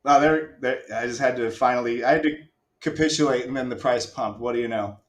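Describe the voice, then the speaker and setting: A man's voice: medium pitch, a little fast, roomy sound. A man hosting a live stream, casually walking viewers through a game demo with self-mocking asides and the odd swear. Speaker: stream host.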